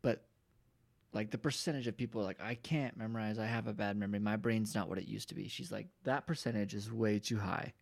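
A man's voice: fairly low pitch, brisk, vocal fry. A man appearing as a podcast guest, chatting casually and telling laid-back, loose anecdotes. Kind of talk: casual chat.

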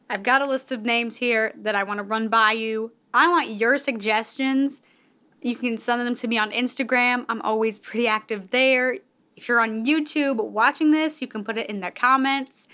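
Bright, smooth-voiced woman podcaster. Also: a little high. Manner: rambling, playful, self-amused. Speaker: podcast host. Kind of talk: casual podcast monologue.

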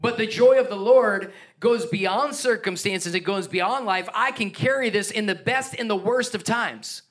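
Man, pastor, sermon, emphatic and lively delivery, fairly high voice. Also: a little slow, few pauses. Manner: energetic, emphatic preaching with asides and chuckles.

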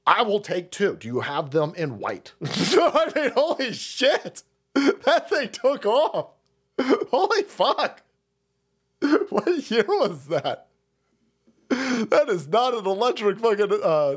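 Crude, high-voiced streaming man. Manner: crude, mocking, laughs often. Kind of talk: profane ranting commentary.

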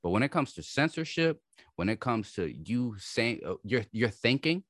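A man's voice: medium pitch, big pitch swings, normal speed, dry recording, clean studio sound. A man co-hosting a casual podcast, speaking bluntly and profanely about his opinions. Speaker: podcast co-host.

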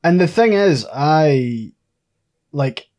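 A man's voice: fairly high pitch, animated, very slow, a little mellow. A man with a Scottish accent, co-hosting a casual podcast and talking earnestly. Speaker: podcast co-host.

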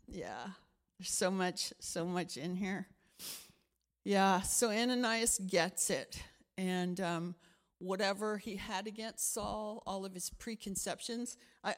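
Animated woman pastor preaching. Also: lowish voice. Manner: animated storytelling with acted-out quotes. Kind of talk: conversational sermon.

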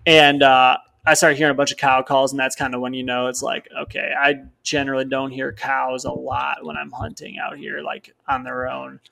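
A man's voice: medium pitch, moderate pace, creaky, few pauses. A young man from Wisconsin, co-hosting a podcast, rambling through a hunting story and acting out what others said. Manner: rambling storyteller, animated, quotes others in dialogue. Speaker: podcast co-host.

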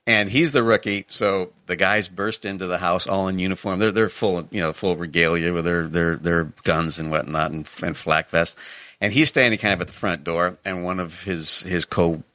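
Male co-host, casual storyteller, bright tense tone. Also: low-pitched, normal speed, no room sound. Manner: animated anecdote teller. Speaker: podcast co-host.

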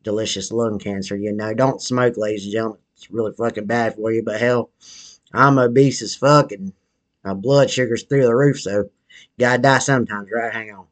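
A man's voice: fairly low pitch, fairly even intonation, normal speed, lightly acted. A man voicing a crude, foul-mouthed, obese wannabe rapper in a comedy sketch monologue, rambling in a profane, slangy drawl while smoking a cigarette.

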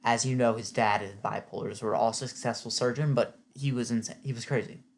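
A man's voice: medium pitch, steady tone, quick pace, slight background noise. Chatty opinionated man recapping a show. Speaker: TV recap vlogger. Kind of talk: casual spoken recap.

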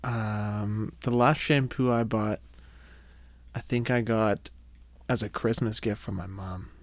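A man's voice: fairly low pitch, fairly even intonation, slow pace, no room sound. A laid-back man in a casual podcast chat over drinks, throwing in wisecracks.

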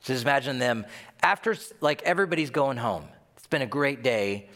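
A man preaching a sermon in a conversational, animated way, often acting out bits of dialogue. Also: mid-range voice, normal speed. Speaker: pastor. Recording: long reverb of a large hall.

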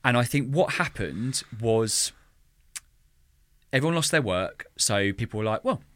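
A man's voice: mid-range voice, a little slow, dry recording, clean studio sound. A man co-hosting a podcast, talking passionately about music teaching and scatting drum rhythms. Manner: passionate, animated, mimics drum rhythms vocally. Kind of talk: casual podcast chat.

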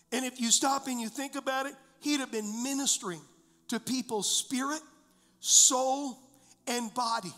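A man's voice: extremely high pitch, fairly bright tone, in a large hall. A male pastor preaching a sermon, emphatic and repetitive, full of rhetorical questions. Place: church.

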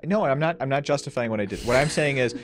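A middle-aged man chatting casually as a podcast co-host, with a middle-pitched voice. He rambles in an easygoing way, leaning on fillers, and turns apologetic when he's pushed. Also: fast talker, music in the background. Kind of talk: casual chat.

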